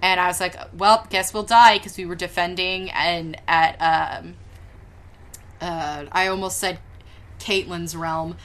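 A woman co-hosting a podcast, telling stories in a casual, animated way with laughter and casual swearing. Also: fairly low pitch, takes it slowly. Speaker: podcast co-host. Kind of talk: casual chat.

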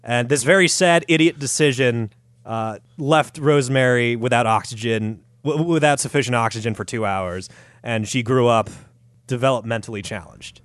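A man's voice: medium pitch, moderate pace, a bit bright, no room sound. A man hosting a podcast, telling a story in a crude, sarcastic, profane way. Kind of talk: casual comedic storytelling.

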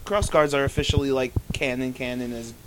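A man in casual chat, retelling show scenes with lively acted-out quotes and some swearing. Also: mid-range voice, brisk, noisy background.

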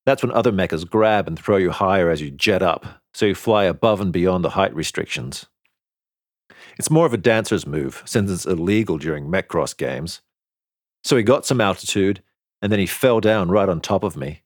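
Low-voiced guy reading a sci-fi story aloud, steady, super dry sound. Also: moderate pace, dry recording. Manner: steady first-person storytelling. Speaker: narrator. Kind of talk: audiobook narration.

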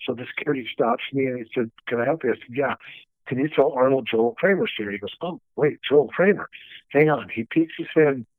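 A man telling stories from his career as a stunt coordinator, animated and acting out the dialogue he quotes. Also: medium pitch, a little fast, no room sound. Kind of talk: storytelling interview. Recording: dry, tinny phone-like line.

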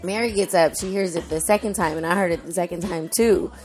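Lowish woman telling a rambling story. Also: quick pace, darkish tone, soft background music. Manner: rambling storyteller, many fillers. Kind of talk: casual family chat.

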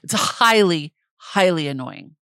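A woman's voice: low voice, animated, slow pace, a bit bright, dry recording, clean studio sound. A middle-aged woman co-hosting a podcast, talking frankly and laughing often. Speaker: podcast co-host. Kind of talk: casual chat.

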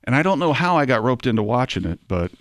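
A man's voice: medium pitch, fast talker, no room sound, clean studio sound. A man co-hosting a casual podcast chat, telling stories and joking with his co-hosts. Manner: joking storyteller, animated. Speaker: radio show host.

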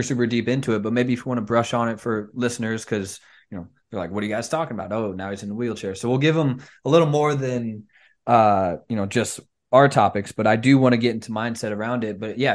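A man hosting a podcast, asking questions in an easygoing way while searching for words. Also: medium pitch. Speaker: podcast host. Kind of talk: casual interview chat.

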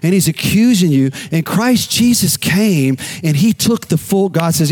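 Male pastor, slightly high voice, animated sermon delivery. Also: measured pace, few pauses. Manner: animated preaching, repeats key phrases.

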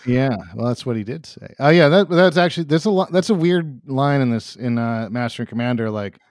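A man's voice: mid-range voice, expressive, fairly quick, a little mellow, dry recording, clean studio sound. A man hosting a casual movie podcast, rambling with many fillers and restarts.

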